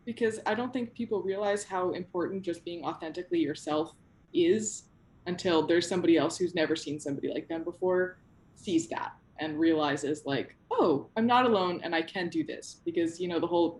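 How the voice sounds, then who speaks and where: A woman's voice: fairly low pitch, a little fast, darkish tone. A woman in her twenties interviewing over a video call, talking in an earnest, rambling way with lots of "like"s.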